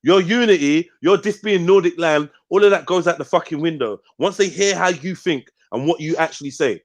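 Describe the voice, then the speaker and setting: A man hosts a heated live debate, with a voice sitting a little higher than most men's. He is confrontational and profane, pressing his points and finishing them with a challenging "yeah?". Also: brisk. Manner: confrontational, swears a lot, keeps tagging "yeah?". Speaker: host.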